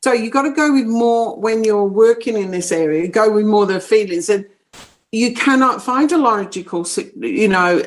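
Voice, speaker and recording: A woman who is a psychic medium appears as an interview guest, speaking bluntly and firmly. Her voice is medium-pitched at normal speed, and she explains things steadily in everyday phrases.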